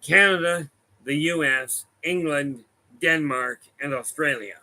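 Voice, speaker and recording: A man's voice: a little high, measured pace, sharp tone, low-quality recording. A man talking as a medium, telling rambling anecdotes to a room and online viewers, often correcting himself. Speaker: medium giving a talk. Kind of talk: casual storytelling talk to a room and online viewers. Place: room with a live audience.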